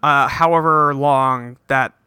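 A man's voice: medium pitch, fairly even intonation, slow, sharp tone, clear, resonant tone, no echo, clean studio sound. A man hosting a casual podcast, recapping a cartoon episode in a laid-back way with lots of fillers. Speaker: podcast host.

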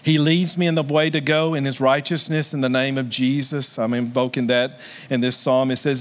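A middle-aged man preaching a sermon as pastor, earnest, slowing to soft stresses and rising into loud, high exclamations.

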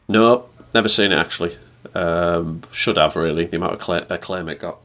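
A man with a deep, low voice co-hosting a podcast. He jokes in a dry, teasing way during casual banter. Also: a little fast, pushed and bright. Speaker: podcast co-host.

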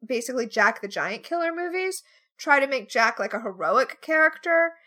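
Bright, lively high-voiced woman. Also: moderate pace. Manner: enthusiastic, animated storytelling. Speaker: podcast co-host. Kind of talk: casual recap chat.

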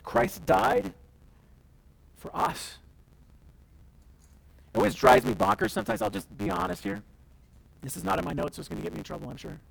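Impassioned pastor with a high, gravelly voice. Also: male voice, lively intonation, normal speed, pauses often, rough recording. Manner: impassioned, acts out quoted voices, swings from loud to hushed. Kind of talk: sermon. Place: church.

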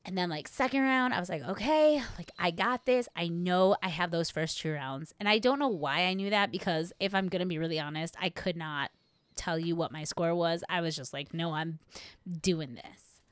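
A woman co-hosting a podcast, telling a story in a casual, lively way, swearing freely and acting out her own past thoughts. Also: lowish voice, moderate pace, no echo. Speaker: podcast co-host.

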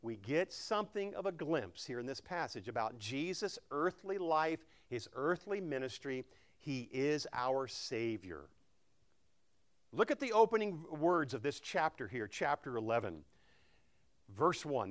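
A man's voice: mid-range voice, big pitch swings, a little slow. A man preaching an evening sermon, repeating key phrases and shifting his volume for emphasis.

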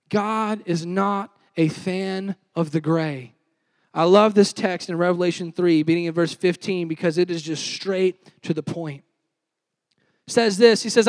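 A man's voice: high-pitched, moderate pace, a little mellow, no echo. A young man preaching a sermon, telling a personal story and calling the crowd to respond. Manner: storytelling, addresses crowd as y'all, call and response. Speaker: youth pastor.

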